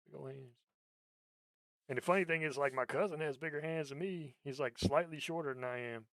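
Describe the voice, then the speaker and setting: A man's voice: fairly high pitch, fairly quick, a bit bright, dry recording. Dry-sounding, swearing podcast host man. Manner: profane, rambling storyteller who laughs a lot. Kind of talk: casual chat.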